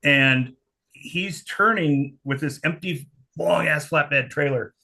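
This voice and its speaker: Man, dry matter-of-fact storyteller, bright sharp tone, video call. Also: on the high side, slow, gravelly. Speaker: musician guest. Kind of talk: casual conversation.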